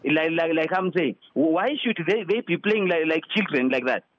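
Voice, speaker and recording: A man argues on a radio phone-in. His voice sits a little high, and he is forceful and indignant, often repeating words as he presses a point. The line sounds muffled and lo-fi. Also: expressive, normal speed. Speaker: opposition commentator. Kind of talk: heated political debate.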